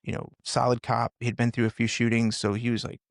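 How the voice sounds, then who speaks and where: A man in his forties, a former first responder, candidly retelling hard experiences on a podcast with intense, animated delivery. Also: mid-range voice, brisk, no room sound, clean studio sound. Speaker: podcast guest, former police officer and firefighter. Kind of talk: candid personal storytelling.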